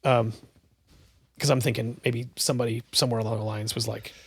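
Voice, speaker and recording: Gravelly-voiced man telling stories. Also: mid-range voice, fairly quick. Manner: animated storyteller who acts out quotes. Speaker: guest, coffee roaster and cafe owner. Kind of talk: casual podcast storytelling.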